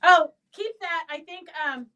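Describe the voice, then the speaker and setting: A woman's voice: extremely high pitch, unhurried, sharp tone, recorded from a distance, low-quality recording. A woman who owns a fabric shop hosts a live sale stream, chatting in a rambling way and calling out auction winners by name.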